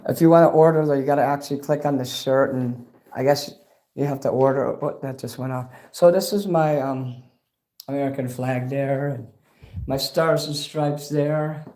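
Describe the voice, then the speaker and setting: A man's voice: mid-range voice, steady tone, moderate pace, dark tone. Rambling profane man. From Chicago. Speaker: livestream host. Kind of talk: casual livestream chat.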